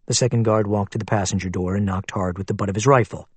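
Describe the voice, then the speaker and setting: A man narrating a thriller audiobook in a steady, even storytelling manner. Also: lowish voice, quick pace, slightly rough, no echo.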